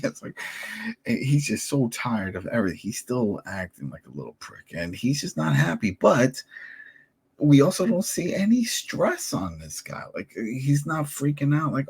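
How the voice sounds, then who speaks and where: A man's voice: mid-range voice, very animated, normal speed, breathy edge. A man co-hosting a casual podcast discussion, animatedly recapping scenes and acting out the characters' lines. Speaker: podcast co-host.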